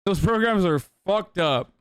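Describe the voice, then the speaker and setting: A man's voice: high-pitched, animated, measured pace, clean tone, no room sound, clean studio sound. A man streaming live, reacting to a video with rambling, profane, emphatic commentary.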